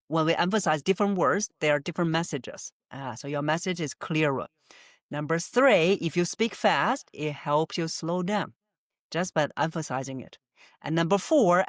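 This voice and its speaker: A woman's voice: low voice, dry recording, studio quality. A woman voice coach answering podcast interview questions methodically, laying out her points by number with frequent "uh" fillers and easy laughter. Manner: laughs easily. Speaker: voice coach guest.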